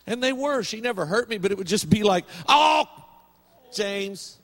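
A man's voice: high-pitched, lively intonation, fast talker. A middle-aged male pastor preaching a sermon in a folksy, humorous storytelling way.

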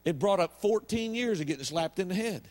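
A man's voice: high-pitched, lively intonation, fairly quick, darkish tone. A middle-aged male pastor preaching a sermon in a folksy, humorous storytelling way.

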